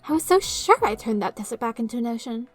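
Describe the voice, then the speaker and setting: A smug male chaos spirit, put on by a woman, drawling in an exaggerated posh manner. He mocks and lingers over his words, pitched a little high, with faint music underneath. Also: expressive, fast. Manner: falsely posh, drawling, mocking.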